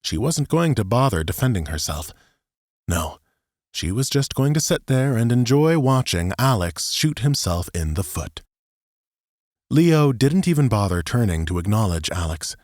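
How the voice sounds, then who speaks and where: A man reading a science fiction audiobook as narrator, in a steady storytelling manner. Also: fairly low pitch, unhurried, no echo, clean studio sound.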